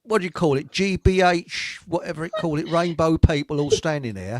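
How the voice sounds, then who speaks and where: A man's voice: on the high side, a little fast, darkish tone, no room sound, studio quality. A man hosting a live chat show, rambling and giggling as he reads out messages. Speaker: host.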